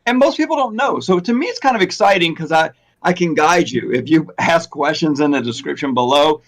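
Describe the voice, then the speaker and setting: A man's voice: a little high, lively intonation, brisk. A man and longtime hair replacement stylist in a casual chat, rambling a little and laughing often.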